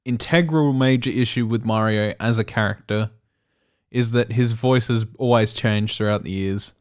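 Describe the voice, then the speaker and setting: A man's voice: fairly low pitch, moderate pace, clear, resonant tone. An Australian man co-hosting a casual podcast, blunt and sweary, with jokey mock voices. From South Australia. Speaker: podcast co-host. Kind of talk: casual chat.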